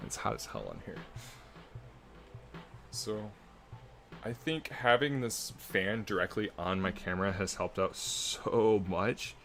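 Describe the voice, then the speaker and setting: A man's voice: fairly low pitch, takes it slowly, pauses often, a bit bright, soft background music. A young man chatting casually and rambling while he draws live at home, speaking close into a good desk mic. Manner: rambling, self-deprecating, chatty with filler words. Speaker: artist drawing live. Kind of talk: casual live-stream chat while drawing. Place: hot room at home.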